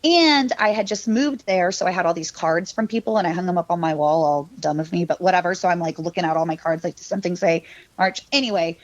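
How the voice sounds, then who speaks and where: A woman's voice: fairly low pitch, fast talker, hardly any pauses, dry recording. Rambling woman telling a spooky story. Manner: rambling, filler-heavy, laughing; mimics her younger self and cousin in quoted lines. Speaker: podcast guest. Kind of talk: casual storytelling. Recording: dull, lo-fi, dry sound.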